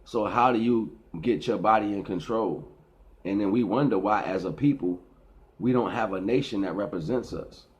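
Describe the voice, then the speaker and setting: A man's voice: lowish voice, moderate pace, highs cut off. A middle-aged man speaking in a rambling, preachy casual monologue, often repeating and restarting his words. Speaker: vlogger.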